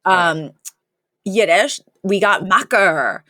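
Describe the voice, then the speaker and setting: A woman's voice: medium pitch, animated, slow, sharp tone, no echo, clean studio sound. A middle-aged woman co-hosting a podcast in casual chat, chatty and laughing often. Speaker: podcast co-host.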